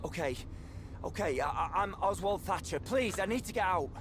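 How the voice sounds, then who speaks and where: A panicked, stammering citizen. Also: male voice, high-pitched, lively intonation, moderate pace, a crowd in the background. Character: frightened male citizen begging to escape. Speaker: game character.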